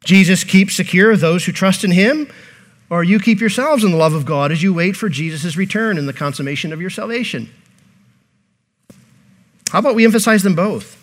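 A man's voice: sits high, moderate pace. A pastor preaching a sermon, earnest and repeating key phrases, posing rhetorical questions to his congregation.

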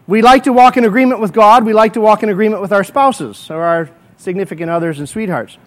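A male pastor with a high-pitched voice delivers a morning sermon in a church. He moves from earnest prayer to lively storytelling built on vivid what-if scenarios that he spins out for the congregation. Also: fast.

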